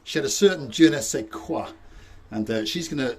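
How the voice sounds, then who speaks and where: A man's voice: medium pitch, expressive, normal speed, a little mellow, slight background noise. A man co-hosting a casual outdoor vlog chat, jovial and playful. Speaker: vlog co-host. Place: outdoors at a hilltop viewpoint.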